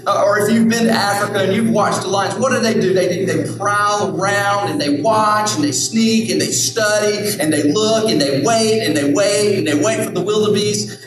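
Brief: a male pastor preaching, slightly high voice, heard from afar in an echoey hall. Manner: repetitive, emphatic, rhetorical questions. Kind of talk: sermon. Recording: echoey hall, distant mic, music.

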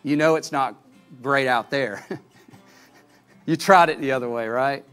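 A pastor giving a sermon, earnest, rising to loud calls and dropping to soft pleading at the altar call. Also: male voice, medium pitch, measured pace, clear, resonant tone, soft background music.

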